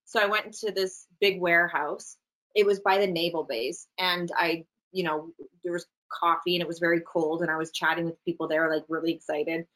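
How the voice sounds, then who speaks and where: A middle-aged actress from Canada, telling stories in a casual, animated interview. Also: female voice, fairly low pitch, low-quality recording. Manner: animated, chatty, quick asides. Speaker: actress, guest.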